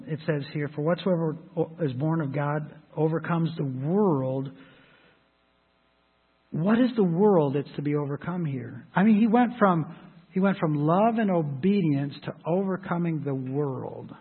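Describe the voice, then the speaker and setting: A male pastor delivers a sermon in a conversational, emphatic way, slipping into quick acted asides. His voice sits high and a little husky. The sound is thin and phone-like, with a long reverb from a large hall.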